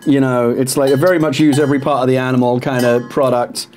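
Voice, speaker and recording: A middle-aged man from East London with a softened, Americanized London accent, chatting casually as a guest while explaining food. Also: mid-range voice, little pitch movement, fast talker, faint music behind. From East End of London. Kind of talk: casual chat, food tasting.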